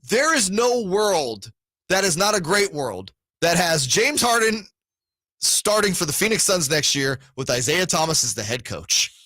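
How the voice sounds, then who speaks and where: Sports radio co-host, man, lively and bright, dry studio sound. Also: high-pitched, unhurried, no echo. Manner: lively, enthusiastic fan talk. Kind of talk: casual sports radio banter.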